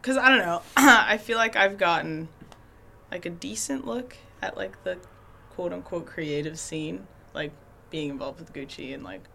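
A young woman co-hosting a student podcast, chatting casually in a slightly raspy voice. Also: fairly low pitch, measured pace, bright, forceful tone, slight background noise. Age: young adult. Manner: chatty, frequent "mm-hmm" backchannels. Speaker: co-host.

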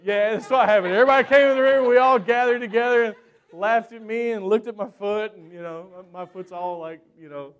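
A man preaching a sermon who tells a personal story in an animated, chatty way with lots of fillers, then closes in prayer. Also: high-pitched, fairly quick.

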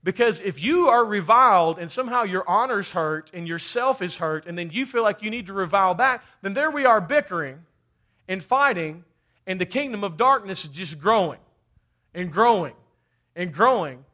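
A man's voice: high-pitched, lively intonation, moderate pace, bright, forceful tone. A man from Kentucky preaching a fervent sermon, often calling out for amens. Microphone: handheld or head mic.

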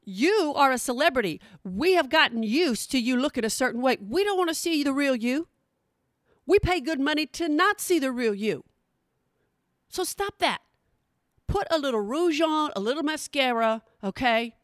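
A woman's voice: sits high, animated, moderate pace, no room sound, studio quality. A middle-aged woman giving a sassy, exasperated comedic rant.

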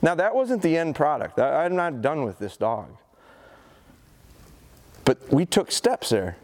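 A man's voice: a little high, very animated, a little slow, darkish tone. A man giving a live dog-training seminar. He coaxes the dog with short repeated commands and praise, then explains plainly to the audience with rhetorical questions. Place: event seminar in front of an audience.

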